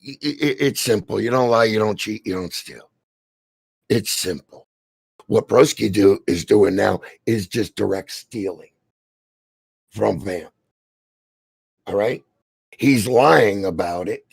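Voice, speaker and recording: A middle-aged man with a New Jersey accent, delivering a heated, profanity-filled rant on a stream, stammering and shouting as he goes. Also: lowish voice, slow, gravelly, long pauses, breathy edge, dry recording. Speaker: stream co-host. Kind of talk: angry ranting commentary.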